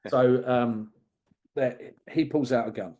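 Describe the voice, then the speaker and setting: Male podcast host, warm dark tone, chatty and digressive, amused. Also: medium pitch, steady tone, unhurried. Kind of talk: casual film review chat.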